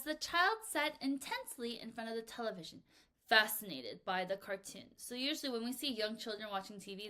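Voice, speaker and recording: A young adult woman teaching English vocabulary to young learners in a recorded lesson, with clear, animated delivery and little acted examples. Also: fairly high pitch.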